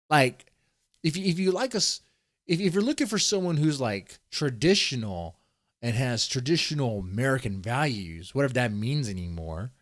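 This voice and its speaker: A man rambles through casual commentary in a dry, close-miked voice. His tone is profane and loose, and he stumbles and restarts mid-sentence. His pitch sits mid-range for a man. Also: dry recording. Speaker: commentary streamer.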